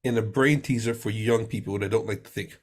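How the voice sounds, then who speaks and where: A man's voice: fairly low pitch, fairly quick. A man co-hosting a movie podcast, rambling with crude jokes and frequent restarts. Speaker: podcast co-host. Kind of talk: casual chat.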